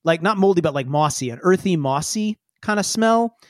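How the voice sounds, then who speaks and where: A man's voice: high voice, normal speed, no echo, clean studio sound. A man running a tabletop role-playing game as game master, narrating with many casual fillers. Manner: lively, many fillers like "like" and "kinda".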